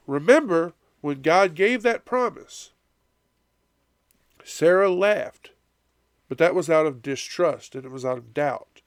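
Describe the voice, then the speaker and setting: A man's voice: fairly high pitch, lively intonation, slow, long pauses, smooth, no echo. A man preaching a conversational Bible-study sermon as pastor, often checking in with his listeners with "right?", and sounding congested with a cough. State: congested, coughing and blowing nose.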